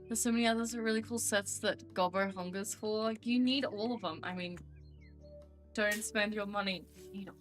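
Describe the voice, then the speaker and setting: A woman's voice: medium pitch, normal speed, soft background music. A young woman streamer chatting casually and rambling to her viewers, now and then cooing to her cat. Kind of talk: casual live-stream chat.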